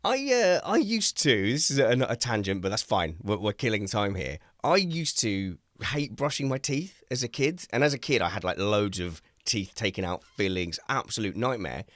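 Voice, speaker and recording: A man hosting a casual chat, rambling through animated anecdotes and poking fun at himself. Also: fairly low pitch, normal speed, hardly any pauses, no echo, studio quality. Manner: rambling, animated storyteller who acts out quotes; self-mocking, laughs at his own stories. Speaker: host.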